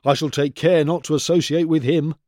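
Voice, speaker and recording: A man's voice: a little high, steady tone, a little fast, darkish tone, no echo, pitched above the performer's own voice, natural voice. A sulky young storybook squirrel full of discontent, put on by a male reader. He grumbles and sneers, his voice raised a little above the narration. The sound is dry and close. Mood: sneering.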